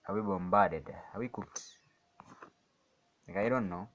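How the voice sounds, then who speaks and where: A man with a fairly low voice thinks aloud about a trade he is watching. He rambles, repeats himself and doubts his calls. He switches between steady explanation and sudden excited outbursts. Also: a little slow, slight background noise. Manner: rambling, self-questioning, swings between calm analysis and excited outbursts. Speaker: day trader narrating his screen. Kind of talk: casual live commentary.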